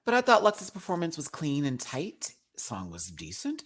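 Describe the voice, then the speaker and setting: A man's voice: on the high side, wildly swooping pitch, normal speed, few pauses, a bit bright. A man from Texas giving a sassy, casual commentary on a drag competition, full of drag slang. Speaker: drag show reviewer.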